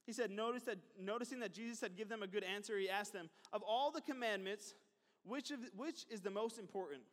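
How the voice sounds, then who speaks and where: A man with a very high voice delivers a sermon as a pastor. He keeps it conversational, with asides, repeated phrases and quick questions to the crowd. His voice rings out with a long reverb in a church hall.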